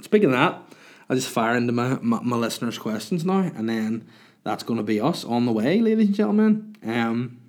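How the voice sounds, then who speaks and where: A man's voice: mid-range voice, big pitch swings, a little fast, darkish tone. Chatty male comedian hosting a podcast. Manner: chatty, answers listener questions with restarts. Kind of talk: casual solo podcast chat.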